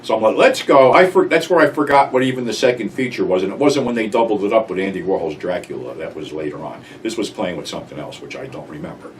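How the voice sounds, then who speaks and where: A man's voice: lowish voice, fast, hardly any pauses. An older man telling a rambling, profane story about a night out. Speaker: channel host recounting memories. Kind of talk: casual storytelling monologue. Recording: voice a bit distant from mic, faint room noise.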